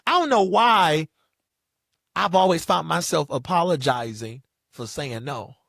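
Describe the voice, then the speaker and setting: A man's voice: on the high side, animated, measured pace, creaky, fairly bright tone, no room sound, studio quality. A man hosting a podcast, delivering motivational advice in an emphatic, repetitive preacher's cadence. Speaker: podcast host.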